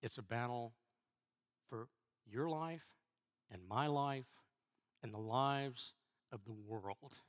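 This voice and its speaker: Halting, earnest male church elder. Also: mid-range voice. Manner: halting, repeats words and restarts, then stresses key phrases. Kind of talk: sermon.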